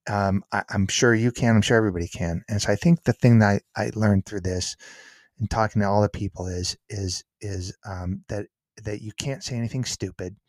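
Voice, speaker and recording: Man, podcast guest, earnest and emphatic, lower voice, dry close sound. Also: fairly even intonation, brisk, darkish tone, no echo. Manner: earnest, emphatic, acts out quotes. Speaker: author and guest. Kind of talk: podcast interview.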